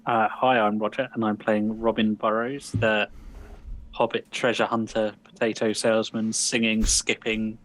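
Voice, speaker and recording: A man's voice: fairly low pitch, little pitch movement, normal speed, a bit bright, rough recording. A man cheerfully introducing himself and his character as a player in a tabletop game. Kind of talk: casual chat.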